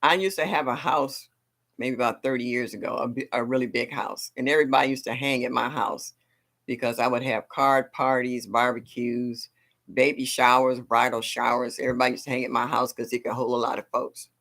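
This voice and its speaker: A middle-aged woman hosting a gardening livestream talks straight to her viewers in a loose, chatty way. She is animated and laughs easily. Her voice comes across bright and forceful. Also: very deep voice, fairly quick. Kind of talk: casual livestream chat.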